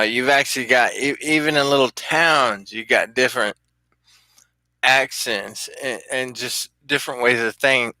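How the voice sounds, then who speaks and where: A man's voice: medium pitch, bright, forceful tone, no echo. A man casually telling a personal story, rambling and swearing with frequent chuckles. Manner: rambling, profane, chuckling often.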